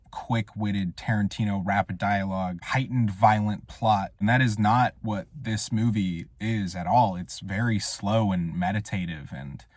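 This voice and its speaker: A man's voice: on the low side, dry recording. Dry-voiced man, wry rambling reviewer. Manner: wry, rambling, deadpan joking. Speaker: film reviewer. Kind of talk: casual monologue review. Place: Portland area.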